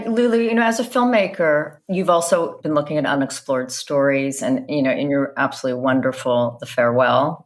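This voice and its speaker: A woman moderating an interview, asking long, measured questions. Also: very deep voice. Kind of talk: moderated panel conversation.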